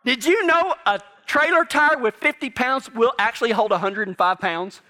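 High, bright-voiced storytelling preacher. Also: male voice, lively intonation, moderate pace, hardly any pauses. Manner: folksy storytelling, jokes with the congregation. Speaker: pastor. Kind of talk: sermon.

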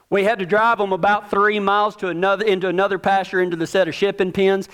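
A man's voice: high-pitched, fairly even intonation, fast, hardly any pauses, fairly bright tone, clean tone. A man, telling a ranch story in a folksy, plainspoken way. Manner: folksy, plainspoken, with repetitions and rural phrasing. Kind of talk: casual spoken storytelling.

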